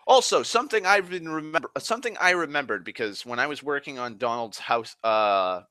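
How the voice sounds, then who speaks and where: A man's voice: medium pitch, animated, fairly quick, bright, forceful tone, no room sound. A man from Massachusetts rambling casually on a stream, profane and self-mocking, a little tipsy on whiskey. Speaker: livestream host.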